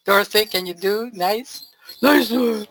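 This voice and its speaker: A woman's voice: mid-range voice, measured pace, vocal fry, fairly bright tone, slight background noise, low-quality recording. A woman coaching a group on a call, blunt and emphatic, laughing often. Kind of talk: casual group coaching talk.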